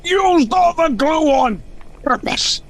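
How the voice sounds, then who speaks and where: A man plays a blustering, hot-headed old father who stammers through his fury in a comic audio drama. His voice sits high and lurches wildly up and down. He drags his words out slowly. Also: animated, fairly bright tone, heavily acted. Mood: indignant. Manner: sputtering, stammering outbursts. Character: cranky old father, blustering and quick to anger. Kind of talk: comedic fan audio drama.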